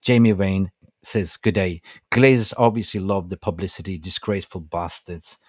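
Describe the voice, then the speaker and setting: An older man with a lowish voice hosts his own fan livestream, ranting with fired-up conviction and rallying his viewers like family. The sound is dry and close, with no room around it. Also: steady tone, moderate pace, a little mellow, dry recording. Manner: impassioned, preachy, rallying. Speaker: fan channel host. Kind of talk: passionate livestream rant.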